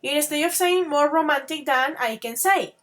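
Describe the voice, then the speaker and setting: A woman's voice: high-pitched, normal speed, fairly bright tone. A woman teaching an online English grammar lesson, patient and affectionate, calling students babies and dears and switching into to explain.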